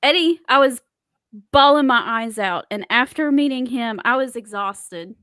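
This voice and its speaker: A woman with a bright, slightly high voice chats casually and laughs easily. She co-hosts a podcast, and her voice is recorded close and dry. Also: lively intonation, moderate pace, no room sound. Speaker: podcast co-host. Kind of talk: casual chat.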